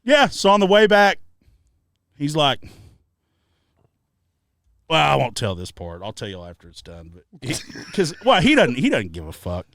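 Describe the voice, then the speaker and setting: A man co-hosting a podcast, telling stories in casual chat, animated and profane, shouting out the lines he quotes. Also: a little high, normal speed, pauses often, dry recording. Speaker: podcast co-host. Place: treehouse hangout.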